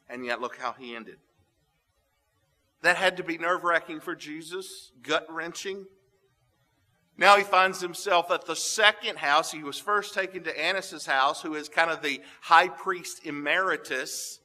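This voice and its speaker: Guy preaching a sermon, kinda high voice, really bright and sharp, big echoey hall. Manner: expository preaching, reads scripture aloud with dramatic pauses. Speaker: pastor. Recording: long hall reverb.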